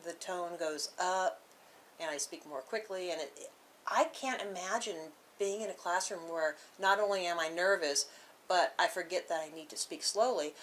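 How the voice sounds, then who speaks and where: Quick-talking, eager woman from the northern US. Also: lowish voice, fairly bright tone, a little hiss or hum. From northern United States. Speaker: co-host, educator. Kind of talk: casual educational discussion.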